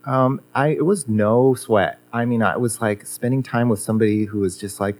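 A man's voice: mid-range voice, steady tone, moderate pace, darkish tone. A man, a former guitar teacher, reminiscing in casual conversation, rambling with many fillers and restarts.

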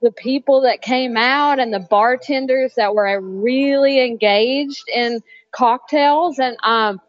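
A woman's voice: high voice, slow pace, no echo, dull audio. Chatty Southern woman with a drawl. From North Carolina, US South. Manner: chatty, upbeat, frequent "like". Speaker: guest, cocktail social media creator. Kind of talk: casual interview chat.

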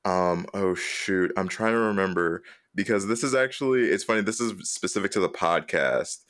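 Very deep, smooth-voiced podcast co-host. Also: moderate pace. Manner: relaxed, hesitant, many ums. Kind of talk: casual chat.

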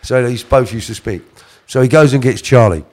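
A middle-aged man with a mid-range, slightly mellow voice speaks a little fast while telling a casual story as an interview guest. He rambles, revises his own words, and mimics the voices of people he quotes.

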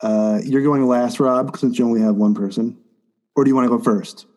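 A man co-hosting a casual podcast chat, animated and teasing, laughing often. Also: mid-range voice, brisk. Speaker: podcast co-host.

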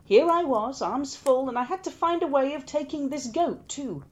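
A woman voicing a sly, mischievous male trickster god in a told myth, playful and squeaky when straining. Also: lively intonation, moderate pace.

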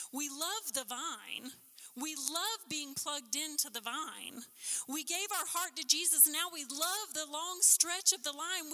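A woman preaching a sermon with passion, building to emphatic peaks and then dropping low. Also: pushed and bright. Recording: long hall reverb.

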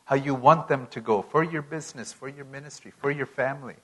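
A man preaching a sermon in an unhurried, emphatic way, his volume swinging from loud to soft. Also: medium pitch, slightly rough, poor audio.

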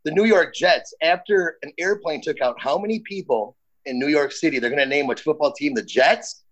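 Sports radio co-host, man, rambling joker, provocative, slightly high voice. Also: normal speed, a bit bright, low-quality recording. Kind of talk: casual sports radio banter.

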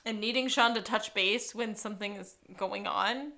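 A woman's voice: mid-range voice, moderate pace, sharp tone. A woman co-hosting a podcast, recapping a TV episode in casual chat and laughing often between remarks. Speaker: podcast co-host.

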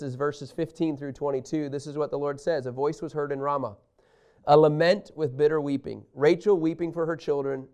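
A man teaches a Bible lesson, reading scripture aloud and explaining it emphatically and with animation, speaking directly to his listeners. His voice is a little high with a clean tone.

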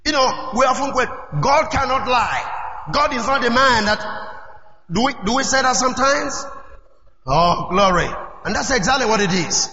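A man preaching a sermon as pastor, emphatic and calling out to his congregation, now and then shouting key lines. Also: very high-pitched, expressive, moderate pace. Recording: roomy hall echo, dull lo-fi sound.

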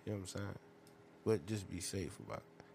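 A man hosting a podcast, telling stories in a profane, animated, rambling rant. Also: deep voice, fairly quick, vocal fry, a little hiss or hum. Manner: profane, animated storytelling with loud laughing outbursts. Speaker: podcast host.

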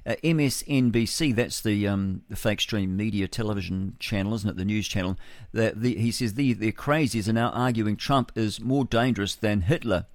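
A man's voice: on the low side, normal speed, no room sound. A man hosting solo breakfast radio, musing aloud and reading news with chuckling rhetorical asides. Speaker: radio host. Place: home studio with a window.

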